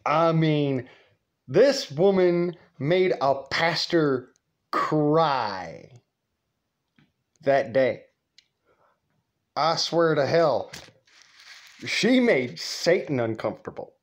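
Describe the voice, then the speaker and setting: A man's voice: fairly high pitch, animated, extremely slow, long pauses. A man telling a profane, rambling story, laughing often. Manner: rambling, cussing, laughs a lot. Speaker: vlogger storyteller.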